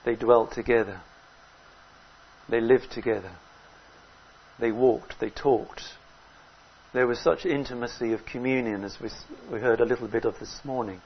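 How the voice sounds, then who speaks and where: A man preaching a sermon in an earnest way, rising loud on key words and dropping low between them. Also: fairly even intonation, moderate pace, breathy edge, highs cut off.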